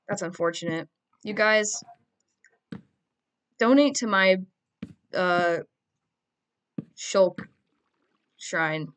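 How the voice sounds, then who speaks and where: A woman's voice: lowish voice, extremely slow, long pauses, fairly bright tone. A teenage girl giving casual, goofy gameplay commentary, chatting and rambling to her audience. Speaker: gamer.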